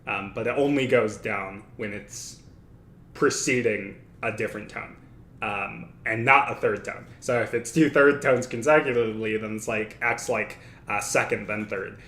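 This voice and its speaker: A man's voice: on the low side, normal speed, fairly bright tone. A man hosting a casual study livestream, thinking aloud and correcting himself as he talks. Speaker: livestream host. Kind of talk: casual study-stream talk. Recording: echoey room with faint noise.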